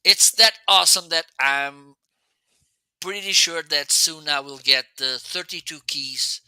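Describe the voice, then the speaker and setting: A man's voice: a little high, unhurried, pushed and bright, clear, resonant tone, no echo. A man with a slight Italian or Portuguese-sounding accent, hosting a live shopping stream in a chatty way and laughing often as he demos gear. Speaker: live shopping show host. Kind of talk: casual live-stream product demo.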